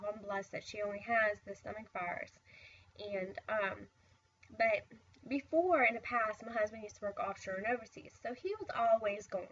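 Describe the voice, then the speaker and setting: A woman's voice: mid-range voice, fairly bright tone, far from the mic, lo-fi sound, slight background noise. A tired middle-aged woman telling a personal story in a casual, rambling way, full of "I was like" asides. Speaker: vlogger.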